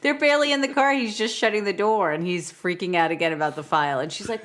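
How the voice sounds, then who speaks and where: A woman's voice: mid-range voice, quick pace, hardly any pauses, fairly bright tone. A woman co-hosting a podcast, casually recapping a movie, laughing often and quoting scenes. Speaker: podcast co-host.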